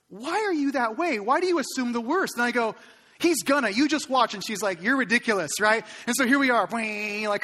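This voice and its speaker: A middle-aged man preaching a sermon, telling a funny story and acting out the quoted lines. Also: very high-pitched. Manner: animated, acts out quoted lines. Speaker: pastor.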